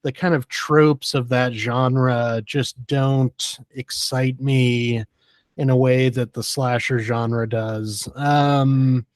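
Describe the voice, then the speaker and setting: Slow-talking man guesting on a podcast. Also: medium pitch, level tone, no room sound, studio quality. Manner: thoughtful, hesitant, many fillers. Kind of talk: casual film podcast chat.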